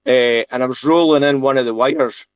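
A man's voice: mid-range voice, clear, resonant tone, dry recording, lo-fi sound. Chatty man telling a tale. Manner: chatty, halting, laughs often, many restarts. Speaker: sheep farmer and guest. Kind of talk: casual storytelling interview.

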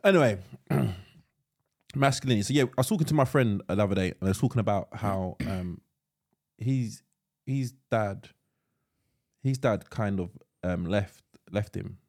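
A young man co-hosting a podcast, asking probing questions and pausing with frequent ums. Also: lowish voice, darkish tone. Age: young adult. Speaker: podcast co-host. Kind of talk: casual chat.

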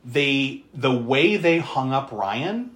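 A podcast co-host recapping a horror movie in casual chat, animated and profane, often laughing. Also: takes it slowly. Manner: animated, profane, laughing, with sudden pitch jumps. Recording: roomy echo.

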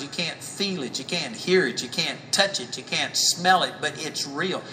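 A man's voice: a little high, sharp tone, recorded from a distance, a little hiss or hum, rough recording. A man teaching a healing sermon, earnest and emphatic, reading scripture aloud between explanations. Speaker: Bible teacher.

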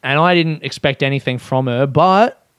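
A young man, a comedian, telling a story casually, animated and self-mocking, his voice jumping high when excited. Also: moderate pace, clear, resonant tone, dry recording, clean studio sound.

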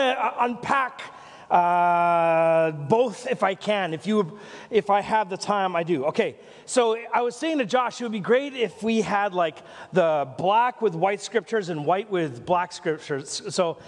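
High-voiced Canadian pastor in a reverberant hall. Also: male voice. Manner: rambling, self-interrupting storytelling with asides and jokes. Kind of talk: sermon. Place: church.

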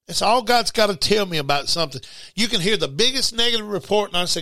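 A middle-aged man delivers a loose, conversational sermon to broadcast listeners, his high voice bright and forceful. He's expressive and fast, repeating words and bursting into shouts, and the sound is dry and close with no echo.

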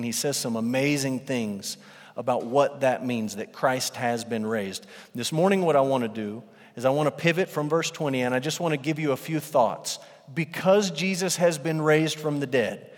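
Male pastor, sermon delivery, emphatic and repetitive, mid-pitched, long hall reverb. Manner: emphatic, repeats phrases for weight.

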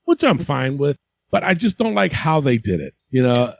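A man co-hosting a casual wrestling podcast, rambling and profane, quick to laugh. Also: on the high side, big pitch swings, creaky, dry recording. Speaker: podcast co-host.

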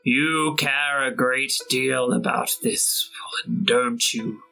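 A man voicing a sinister being who bargains slowly and coaxingly in a tabletop game. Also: medium pitch, steady tone, creaky, sharp tone, faint music behind, exaggerated voice, rough recording.

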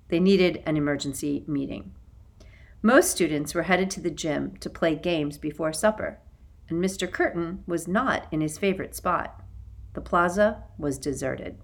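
A woman reading a children's novel aloud as an audiobook narrator, in an expressive storytelling manner. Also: sits low. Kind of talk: scripted narration.

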